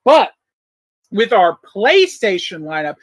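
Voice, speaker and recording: A man's voice: sits high, sing-song, takes it slowly, dry recording, poor audio. Easygoing man in his thirties. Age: 30s. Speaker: guest. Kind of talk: casual livestream chat.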